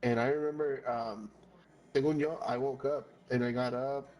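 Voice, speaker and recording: This gamer, relaxed among friends, rambles through a story at normal speed, swearing often, restarting his sentences and dropping Spanish phrases into his English. His pitch is an ordinary middle one, and the audio quality is poor.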